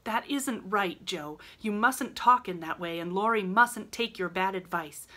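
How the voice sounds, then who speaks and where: A woman's voice: mid-range voice, moderate pace, a bit bright, pitched above the performer's own voice, natural voice. Woman voicing a prim, motherly teenage girl. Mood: earnest. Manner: lecturing, earnest.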